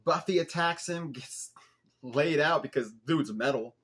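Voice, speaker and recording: A young man casually recapping a TV episode as a podcast host, animated, laughing and swearing at the plot. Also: a little high, measured pace, slightly rough.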